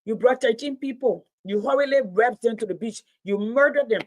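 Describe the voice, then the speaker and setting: A woman's voice: a little high, moderate pace, a little mellow. A middle-aged woman giving impassioned political commentary, indignant and emphatic, repeating phrases for stress.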